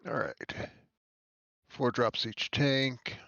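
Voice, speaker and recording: A man's voice: medium pitch, drawn-out words, gravelly, fairly bright tone, no room sound. A man playing a tabletop game, muttering to himself as he checks his notes. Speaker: player. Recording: dull, dry sound.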